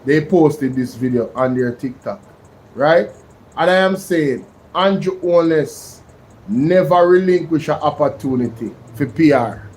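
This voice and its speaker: A man's voice: a little high, unhurried, a little mellow, slight background noise, rough recording. A man with a Jamaican accent hosting a casual live-stream reaction, chatting to his viewers. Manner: chatty, addresses viewers by name. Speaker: YouTube reaction host.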